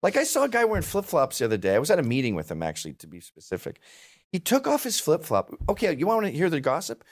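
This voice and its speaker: A middle-aged man talking in a casual chat, his pitch swinging high and low as he tells stories. He is blunt and profane, laughs at his own jokes and drops into mimicked voices of old men. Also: huge pitch swings, fast. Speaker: guest.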